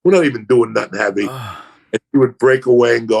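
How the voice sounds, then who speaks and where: A man's voice: medium pitch, quick pace, creaky, darkish tone, breathy edge. A man, a comedian, telling crude, profane stories in a casual podcast chat. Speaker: comedian guest.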